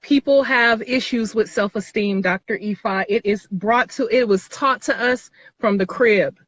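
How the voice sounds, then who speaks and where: A woman's voice: on the high side, a little slow, fairly bright tone, dry recording, rough recording. A woman calling in to a live show, explaining her views earnestly as if lecturing. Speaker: caller. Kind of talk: explaining call-in talk.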